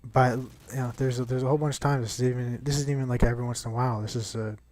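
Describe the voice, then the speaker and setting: A man's voice: mid-range voice, fairly even intonation, rapid-fire, darkish tone. A young man chatting casually over gameplay, rambling and swearing with lots of restarts. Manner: rambling and profane, many restarts.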